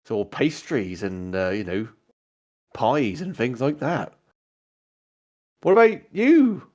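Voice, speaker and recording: A man's voice: mid-range voice, big pitch swings, takes it slowly, a little mellow. A man voicing a grey-bearded male halfling ship's surgeon who speaks politely and asks questions. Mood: curious. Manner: polite, inquisitive.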